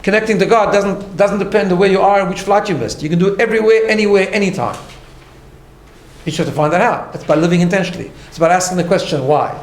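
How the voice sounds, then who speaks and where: A rabbi with a high-pitched voice talks fast while teaching an informal class in a study hall. Conversational and emphatic, he frequently restarts and checks in by asking "right?" The recording has room echo and a faint background hum.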